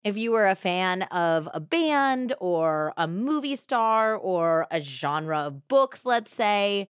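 A woman's voice: mid-range voice, sing-song, slow, clear, resonant tone, no echo. Woman in her 30s hosting a true crime podcast, chatty, laughs a lot, dead dry mic. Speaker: podcast co-host.

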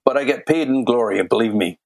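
A man's voice: mid-range voice, fairly quick, creaky, a little mellow, rough recording. An older man of Welsh origin, a volunteer chief pilot, telling stories genially with dry humor in an interview. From Wales. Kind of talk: casual interview chat.

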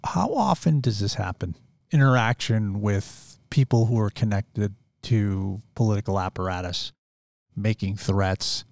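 A male podcast host asking slow, measured interview questions. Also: fairly low pitch, gravelly, a little mellow, no echo, clean studio sound.

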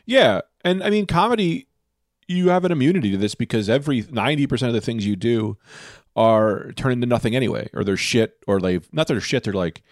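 A man who is a stand-up comedian, a guest on a podcast, telling stories in a rambling, animated way. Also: mid-range voice, a little fast, no echo, clean studio sound. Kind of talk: casual podcast chat.

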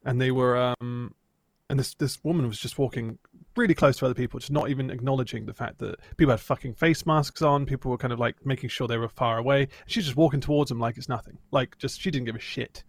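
A man from England co-hosting a comedy podcast from home, telling quick, sweary, animated stories in casual chat. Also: medium pitch, no echo. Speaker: podcast co-host. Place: home room. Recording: dry home setup.

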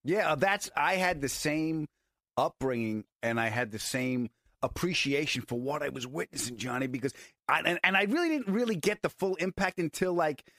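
A man's voice: fairly high pitch, lively intonation, moderate pace, fairly bright tone, no room sound. Eager man chatting in a dry room. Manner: eager, agreeable, chimes in often. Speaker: host. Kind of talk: casual chat.

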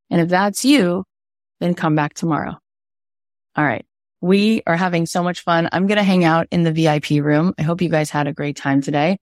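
A woman podcast coach giving an online workshop, telling stories with lively acted-out quotes and ending on an earnest inspirational note. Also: on the low side, moderate pace, dry recording, clean studio sound. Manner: animated storyteller, acts out quoted voices. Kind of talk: motivational online workshop talk.

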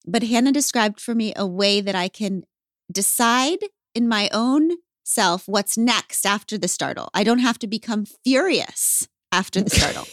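A woman hosting a podcast, telling stories in an emphatic, animated way. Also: medium pitch, moderate pace, dry recording, studio quality. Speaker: podcast host. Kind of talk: casual podcast chat.

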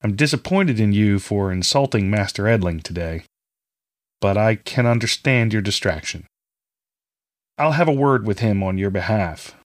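A man voicing a middle-aged farmer father who speaks gently and kindly to his daughter. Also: on the low side, lively intonation, normal speed, natural voice. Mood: gentle, fatherly.

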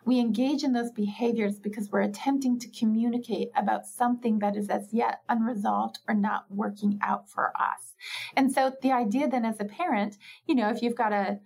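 A woman's voice: fairly high pitch, steady tone, normal speed, gravelly, darkish tone, husky. A woman speaking as a parenting expert in an interview, reflective and explanatory, who often acts out little parent dialogues and laughs easily.

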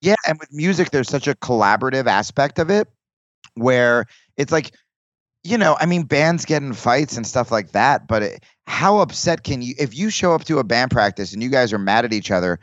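A comedian guest talking in casual podcast chat, rambling with restarts and acting out quoted lines. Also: male voice, medium pitch, expressive, normal speed, fairly bright tone, no room sound, highs cut off.

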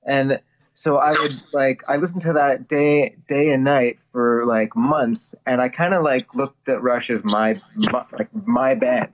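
Man, mid-pitched voice, chatty and joking, muffled lo-fi audio, faint hiss. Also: lively intonation, unhurried. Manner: chatty, joking, lots of fillers like "like". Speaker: musician. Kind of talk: casual chat.

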